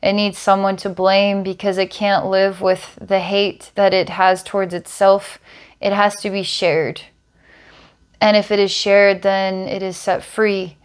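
A woman working as a psychic healer, calmly describing visions during a guided healing session. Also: medium pitch, a little slow, smooth. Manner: calm, descriptive, storytelling visions.

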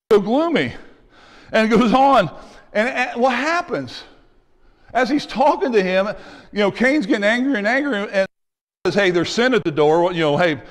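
A high-pitched man preaches with lively call-outs to his congregation. His voice rings out with a long hall reverb, as in a church sanctuary. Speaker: pastor. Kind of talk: sermon.

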